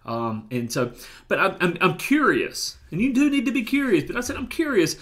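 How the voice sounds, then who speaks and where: A man's voice: high voice, huge pitch swings, normal speed, a bit bright. A man with a Southern US accent giving a motivational coaching talk, emphatic and repeating phrases as he restarts his thoughts. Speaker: life coach.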